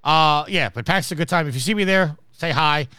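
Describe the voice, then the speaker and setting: Bright, crisp-voiced man hosting a podcast. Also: a little high, a little fast, dry recording, studio quality. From New York. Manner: storytelling, acting out quoted people. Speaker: podcast host. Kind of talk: casual podcast chat.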